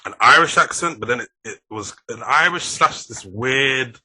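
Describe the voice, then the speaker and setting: A man's voice: medium pitch, animated, normal speed, bright, forceful tone, husky. A man from the UK talking casually as a podcast host, chatty and anecdotal, with plenty of "like". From United Kingdom. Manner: chatty and anecdotal, leans on the filler "like". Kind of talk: casual conversation.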